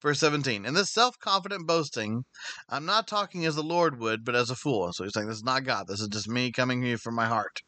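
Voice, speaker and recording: A man's voice: medium pitch, lively intonation, fairly quick, sharp tone, no echo. A man giving an informal sermon-style Bible study, earnest and conversational, often restarting his sentences. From United States. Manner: earnest and conversational, with frequent restarts and filler words. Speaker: Bible teacher.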